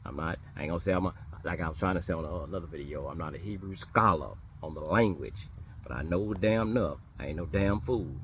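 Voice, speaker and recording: A minister talking casually to viewers about his beliefs, animated and blunt, repeating phrases for emphasis and throwing in curses and rhetorical challenges. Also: sits low, fast, noisy background. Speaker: minister of a small congregation. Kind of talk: casual religious talk to viewers.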